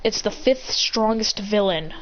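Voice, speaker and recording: Woman storyteller, mid pitch, rambling improvised narration, dull lo-fi recording with faint noise. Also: unhurried, a bit bright. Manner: rambling, self-correcting. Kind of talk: improvised fan-fiction narration.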